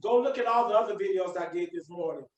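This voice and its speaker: A man's voice: high voice, fast, recorded from a distance, lo-fi sound. A man hosting a podcast, giving a preachy motivational talk with emphatic repetition. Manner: preachy, emphatic, repeats himself. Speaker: podcast host. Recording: echoey room, away from mic.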